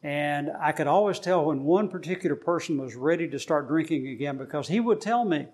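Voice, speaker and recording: A middle-aged man leads a small Bible study group in an easy, conversational way. He often stops and restarts his sentences and fills pauses as he teaches. His pitch sits a little above the usual for a man. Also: a little mellow, breathy edge. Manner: plain, conversational, with many fillers and restarts.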